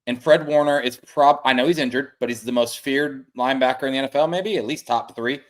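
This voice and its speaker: A man co-hosting a casual sports podcast, talking quickly at a mid pitch. He gets worked up and swears as he tells a story. He sounds like he is speaking into a home mic on a video call. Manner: fast, worked-up, profane storyteller. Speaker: podcast co-host.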